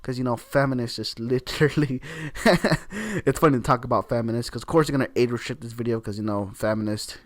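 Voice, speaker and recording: A man's voice: mid-range voice, steady tone, fast talker, no echo. Heated ranting man, dry close sound. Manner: heated, repetitive, swears often, leans on "literally". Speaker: video creator. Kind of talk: opinion rant to camera.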